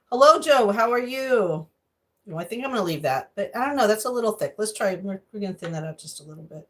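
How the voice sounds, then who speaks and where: A woman's voice: lowish voice, expressive, normal speed. A middle-aged woman livestreaming from her home kitchen, chatting loosely as she cooks. She greets viewers by name and drifts into rambling asides, her talk casual and unscripted. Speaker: cooking livestreamer. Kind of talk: casual livestream chat while cooking.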